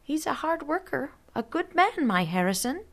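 A woman voicing a polite, hesitant older woman who speaks softly. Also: sits high, very animated, normal speed, pitched above the performer's own voice. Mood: gentle. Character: gentle bereaved older woman.

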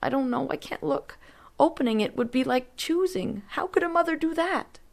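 A woman voicing a frightened, frail middle-aged mother in a storybook reading, her voice high and quavering. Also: animated, moderate pace, vocal fry. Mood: grieving.

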